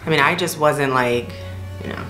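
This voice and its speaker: A young woman tells a story casually to her co-host, acting out the other people's voices with big jumps in pitch and laughing now and then. Her voice is bright and clear. It sounds like an echoey room with faint music behind her. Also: normal speed. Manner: laughs often mid-story. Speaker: vlog co-host.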